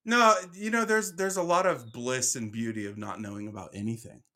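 Animated young man telling stories. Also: mid-range voice, a little fast. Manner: animated storyteller, acts out quotes. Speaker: podcast co-host. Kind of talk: casual chat.

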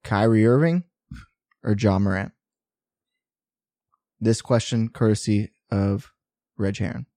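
A man's voice: lowish voice, slow, long pauses, warm tone, no echo, studio quality. A young man in his twenties co-hosting a podcast, chatting loosely about sports with a lot of swearing and laughter. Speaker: podcast co-host. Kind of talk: casual podcast banter.

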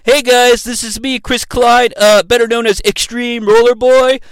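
A man's voice: flat delivery, measured pace, smooth, no echo. A man doing a hyped young extreme-sports web star. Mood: hyped pitching. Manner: eager sales pitch, hyped.

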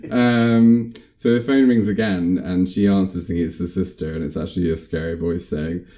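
A man talking through a film's plot in casual chat, full of ums and likes. His voice is very low and mellow. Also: fairly even intonation, normal speed. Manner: rambling, lots of fillers. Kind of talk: casual film recap chat.

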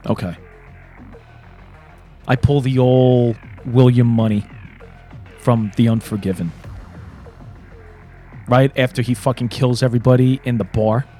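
A man playing a tabletop game, talking bluntly and profanely in quick bursts with frequent restarts. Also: mid-range voice, fairly even intonation, mellow, faint music behind. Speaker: player. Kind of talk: casual tabletop game play.

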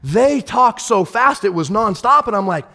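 A male pastor preaching with a high, very lively voice. He swings from shouting to near hushed tones. His voice carries a long reverb, as if in a large hall. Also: normal speed, vocal fry. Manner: animated, shifts from shouting to hushed. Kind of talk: sermon.

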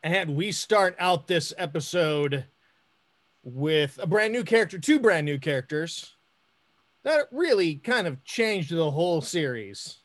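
Male podcast co-host, slightly high voice, rambling hesitant recap. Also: expressive, measured pace. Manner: hesitant, full of restarts and laughs. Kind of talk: casual chat recapping a TV episode.

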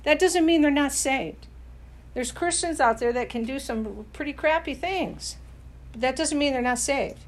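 A woman with a fairly high voice preaches casually and earnestly. She talks like she is chatting, restarting phrases and checking in with her listeners as she goes. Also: moderate pace. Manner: earnest, conversational, frequent restarts and "you know".

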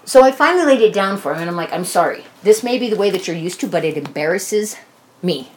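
A woman's voice: mid-range voice, lively intonation, fast, a little hiss or hum. A woman telling a casual personal story, rambling and swearing freely, acting out quoted dialogue as she goes.

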